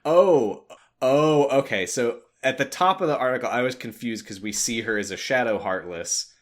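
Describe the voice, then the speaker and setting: A man's voice: medium pitch, moderate pace. A man co-hosting a casual podcast, reading aloud and making sarcastic jokes. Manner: joking, sarcastic. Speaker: podcast co-host. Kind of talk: casual chat, reading fan fiction aloud.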